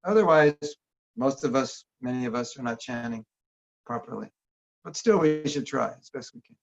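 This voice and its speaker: This workshop teacher talks at a moderate pace in a mid-range voice with some vocal fry. He's giving a relaxed talk on a video call, chatting and putting questions to the audience, all through dull lo-fi online audio.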